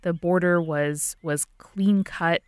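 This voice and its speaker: Lady player describing a scene in a tabletop game, lowish voice, calm. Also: takes it slowly, clear, resonant tone, no room sound.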